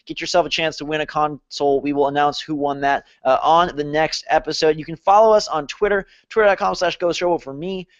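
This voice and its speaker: An upbeat man hosts a casual gaming podcast, his voice pitched slightly high. The recording is dull and lo-fi. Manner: upbeat, promotional sign-off. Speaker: podcast host. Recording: dull lo-fi audio.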